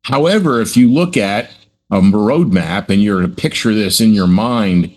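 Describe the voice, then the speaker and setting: A man speaking as a financial advisor, calmly explaining market statistics with road-trip analogies. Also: fairly low pitch, unhurried. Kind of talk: explanatory talk.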